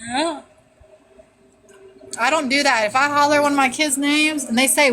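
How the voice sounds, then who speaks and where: A woman's voice: high-pitched, steady tone, normal speed, long pauses, pushed and bright, slight background noise. A mother chatting on a phone call, frank and salty as she tells stories about her kids. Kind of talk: casual chat.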